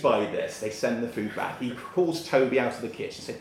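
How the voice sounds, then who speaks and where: A man spins a comic story for a live audience, chuckling at his own punchlines. His voice sits at an ordinary middle pitch. The room adds a clear echo and a faint murmur of ambience. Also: a little fast, hardly any pauses, a little hiss or hum. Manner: jokey, laughing at his own lines. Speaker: comedian. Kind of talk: stand-up storytelling.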